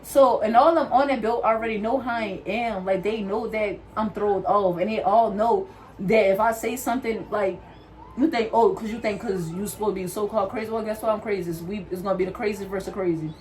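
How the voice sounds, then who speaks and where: A young woman vlogger telling a story in a loud, animated way while doing her hair, speaking straight to her viewers. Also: mid-range voice, brisk, slight background noise. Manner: animated, talks straight to viewers, calls them "y'all"; loud, says she has a loud mouth.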